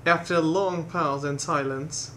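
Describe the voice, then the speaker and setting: A young man telling a long joke in a brisk storytelling way. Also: on the high side, steady tone, a bit bright, a little hiss or hum. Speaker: stand-up comedian.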